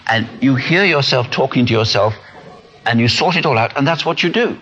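A man's voice: medium pitch, brisk, a little hiss or hum. A man preaching a sermon in an earnest way, acting out the small voices people hear in their heads. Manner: earnest, animated, acts out inner voices. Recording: dull lo-fi sound.

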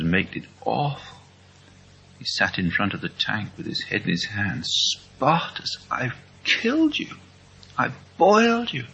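A middle-aged man from England giving an earnest, slowly told testimony at a Christian meeting. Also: deep voice, vocal fry, bright, forceful tone, breathy edge. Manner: slow, earnest storytelling. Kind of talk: testimony talk. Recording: dull lo-fi recording.

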